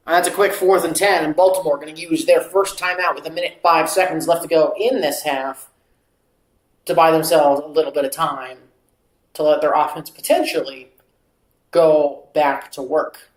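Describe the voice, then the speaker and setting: A watchalong streamer calling the game play by play, stretching out calls and drifting into casual asides, on a mic that peaks on loud moments. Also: mid-range voice, fairly even intonation, moderate pace, roomy sound, low-quality recording. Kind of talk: amateur play-by-play commentary.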